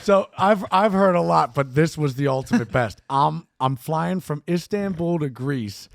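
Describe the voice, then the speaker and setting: A man telling stories on a podcast as a guest, swearing freely and jumping into loud impressions of the people in them. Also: on the high side, animated, a little slow, creaky, dry recording, clean studio sound. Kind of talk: animated storytelling with acted-out quotes. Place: podcast studio.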